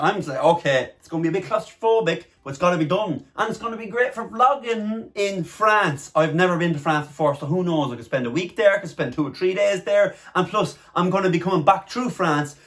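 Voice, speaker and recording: A young Irish man with an Irish accent, chatting excitedly to camera in a casual vlog. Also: sits high. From Ireland. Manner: excitable and chatty, often punching words loudly. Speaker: vlogger.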